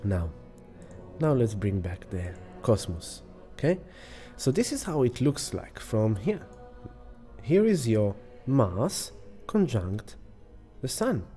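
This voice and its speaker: A man's voice: medium pitch, very animated, slow, long pauses, warm tone, soft background music. A man hosting an astrology channel, explaining an astrology chart in a casual, emphatic way and repeating words for effect.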